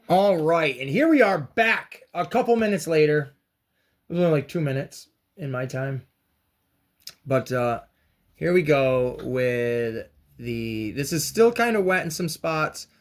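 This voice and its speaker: A man hosting a casual painting and crafts tutorial, chatty and encouraging, with joking slangy asides. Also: a little high. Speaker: host of a toy and craft channel.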